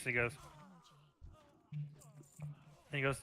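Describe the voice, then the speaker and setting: A man's voice: mid-range voice, level tone, moderate pace, pauses often, pushed and bright, a little hiss or hum. A man in casual stream chat, retelling a joke in a rambling, profane way.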